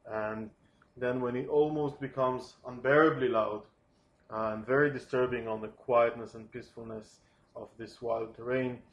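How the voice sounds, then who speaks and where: Soft-spoken non-native English man pitching. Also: fairly even intonation, lo-fi sound. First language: not English. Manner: hesitant, many pauses and fillers, soft-spoken. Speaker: storyboard artist pitching a film. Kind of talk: informal pitch narration.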